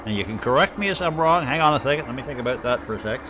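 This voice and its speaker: A man's voice: medium pitch, expressive, racing, background noise. A man from Canada with an Ottawa Valley accent, rambling and chatting casually as he streams live gameplay commentary. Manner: rambling, chatty, thinking aloud.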